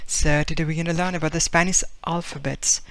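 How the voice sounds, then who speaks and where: A man's voice: a little high, fairly even intonation, a little fast, fairly bright tone. A man giving a casual video language lesson, explaining with fillers and repeating example words as he acts them out. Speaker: Spanish teacher.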